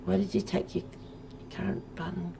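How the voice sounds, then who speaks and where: A woman's voice: on the low side, level tone, moderate pace, vocal fry, noisy background. An Australian woman in her forties chatting casually to viewers while she streams a game, rambling as she plays. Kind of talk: casual let's-play chat.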